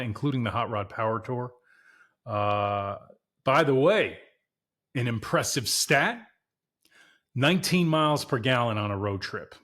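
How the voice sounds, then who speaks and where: A man's voice: medium pitch, fairly bright tone. A man hosting a podcast, chatting casually and candidly to viewers about his car, emphatic and repeating himself for emphasis. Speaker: podcast host.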